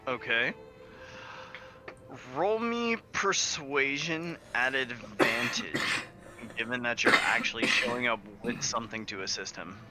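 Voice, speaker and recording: A man's voice: medium pitch, animated, measured pace, sharp tone, soft background music, low-quality recording. A man narrating as game master of a tabletop game, casual and swearing freely.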